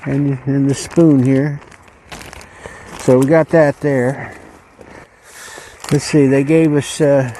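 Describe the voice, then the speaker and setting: A man hosting a casual unboxing video, musing aloud in a slow, rambling way as he goes through a ration pack. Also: mid-range voice, level tone, warm tone, slight background noise, low-quality recording. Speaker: channel host reviewing ration packs.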